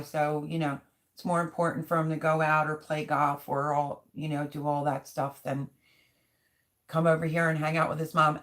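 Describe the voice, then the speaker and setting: Middle-aged woman on a livestream, reads chat out loud, talks from the heart, gets emotional. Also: deep voice. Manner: heartfelt, openly emotional, chatty. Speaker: livestream host. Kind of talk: reading and answering live chat.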